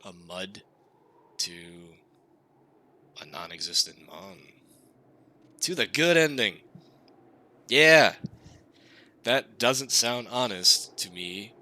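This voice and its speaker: A man's voice: lowish voice, animated, takes it slowly, long pauses, pushed and bright. A man reading a game aloud and reacting to it in a wry, casual way, with some swearing. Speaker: let's play host. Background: faint guitar music.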